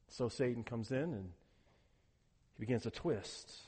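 A man's voice: mid-range voice, expressive, measured pace, pauses often, dark tone, slightly rough, in a large hall. A pastor preaching a sermon, emphatic and repeating words as he builds each point.

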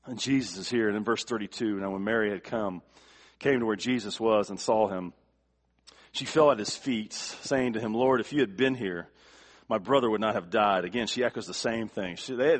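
A male pastor delivering a sermon, emphatic, repeating words for stress and swinging from quiet to forceful. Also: lowish voice, normal speed.

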